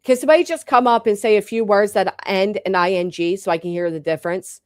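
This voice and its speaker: A woman with a medium-pitched voice talks fast as she hosts a casual live chat with viewers, blunt, joking, and swearing freely. Her local regional American accent drops the final g, and the sound is clean studio audio with no room sound.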